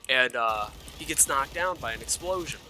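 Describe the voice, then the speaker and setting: A young man rambling excitedly about a video game, swearing a lot and stumbling over fillers and self-corrections. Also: mid-range voice, moderate pace, soft background music. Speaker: gaming video creator. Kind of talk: excited, rambling gaming commentary.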